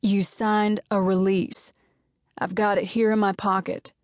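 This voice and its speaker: A woman narrator voicing a big, calm man who speaks slowly with dry amusement. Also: mid-range voice, no echo, natural voice.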